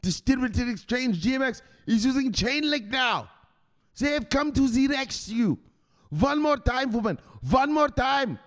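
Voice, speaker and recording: A man voicing a hardcore crypto-investor son who loudly lectures his mother. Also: very high voice, expressive, measured pace, pitched above the performer's own voice. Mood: bossy, lecturing. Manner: loud, bossy, lecturing.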